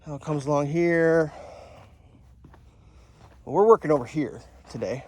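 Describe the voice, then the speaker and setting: Fairly high in pitch, a little slow and a little mellow, this is the voice of a man who builds homes. At an outdoor building site he digs and scrapes while talking through a casual how-to vlog, blunt and jokey, with plenty of swearing. He films on a handheld camera, partly one-handed by himself.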